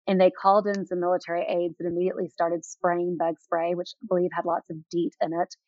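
A woman, an author appearing as an interview guest, rattles off enthusiastic stories full of fillers at a fast pace. Her lowish, darkish voice has a flat delivery, with no room sound, in a dull lo-fi recording.

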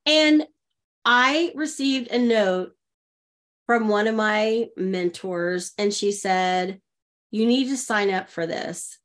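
A woman coach, a guest on an interview show, telling personal stories in a lively way and acting out the dialogue. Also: mid-range voice, slow pace. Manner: lively, acts out quoted dialogue. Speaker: guest, intuitive leadership coach. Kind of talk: conversational storytelling.

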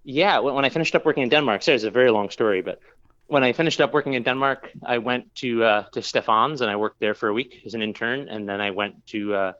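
A man's voice: medium pitch, fast, fairly bright tone, lo-fi sound. A man who works as a brewer, telling a long story in a casual interview, rambling with lots of fillers and restarts.

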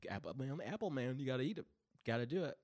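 A man co-hosts a casual podcast, tossing in playful one-liners. His pitch swings widely, which gives his banter an animated, bouncy feel. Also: fast. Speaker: podcast co-host.

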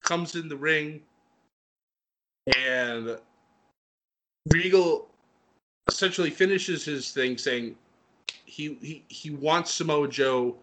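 A man chatting casually and excitedly as he recaps a wrestling show, with lots of fillers and laughter. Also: medium pitch. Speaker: wrestling podcast co-host.

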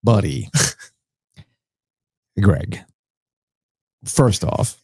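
A man co-hosting a sports podcast in casual chat, teasing and animated. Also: extremely slow, husky, no echo, clean studio sound. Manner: animated, teasing, jumps into high mock shouts. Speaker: podcast co-host.

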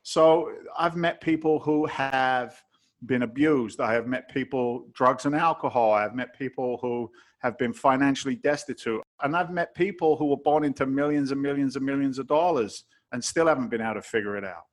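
A man's voice: medium pitch, moderate pace. A man from England, a guest entrepreneur on an interview podcast, giving emphatic, preachy motivational advice with blunt wording and a bit of swearing.

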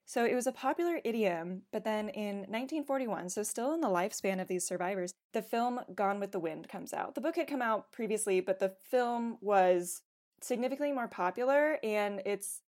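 A woman's voice: mid-range voice, expressive, normal speed, a little mellow. A woman with a mid-range voice talks through her research on a casual podcast. Her speech is loose and conversational, with "like" scattered through every sentence. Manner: chatty, filler-heavy with frequent "like". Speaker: podcast co-host presenting research. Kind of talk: casual chat.

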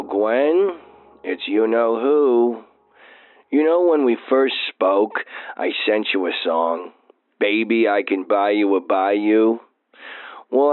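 An actor playing a sentimental man who talks slowly and croons a corny song in a voicemail message. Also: fairly low pitch, dry recording. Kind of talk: voicemail with singing over guitar. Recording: tinny voicemail phone line. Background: acoustic guitar.

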